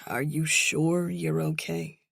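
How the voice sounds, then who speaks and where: A woman voicing a caring young male bartender friend in an audiobook, speaking gently with concern. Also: sits low, takes it slowly, creaky, dry recording, studio quality, heavily acted.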